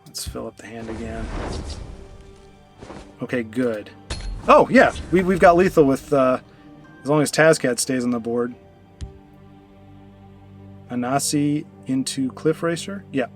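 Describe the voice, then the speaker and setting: A man's voice: mid-range voice, measured pace, pauses often, soft background music. A man giving casual gameplay commentary, chatty and thinking aloud as he plays. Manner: chatty, thinks aloud, frequent restarts and fillers. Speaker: streamer and card game player.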